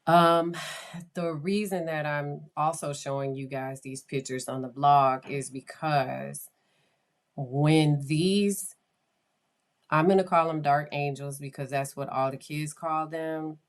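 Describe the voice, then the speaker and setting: A woman hosting a podcast, casually telling an eerie true story with hesitant restarts and dropping to a whisper at times. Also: very deep voice. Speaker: podcast host.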